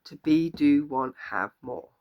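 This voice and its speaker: A woman's voice: low-pitched, lively intonation, measured pace, muffled recording. A woman life coach giving an earnest, encouraging motivational talk to the camera, repeating key phrases for emphasis. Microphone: camera or phone video.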